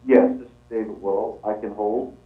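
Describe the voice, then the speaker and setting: Deep husky man calling in by phone. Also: fairly even intonation, brisk. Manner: earnest, searching, hesitant restarts. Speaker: caller. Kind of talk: call-in question to a radio panel. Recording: tinny phone line.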